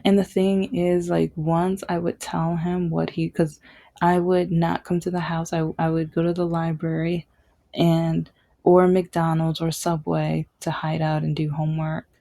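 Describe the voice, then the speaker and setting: A woman's voice: low voice, level tone, measured pace, vocal fry, dark tone. A young adult woman vlogging, candidly and emphatically telling a personal story. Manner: candid, emphatic, acts out quoted dialogue.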